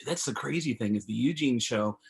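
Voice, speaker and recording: A man, a comedian guest on a video call, telling stories in a casual, animated way and acting out phone calls. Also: medium pitch, fairly quick, creaky, slightly rough. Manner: animated storyteller, acts out phone calls in raised voices.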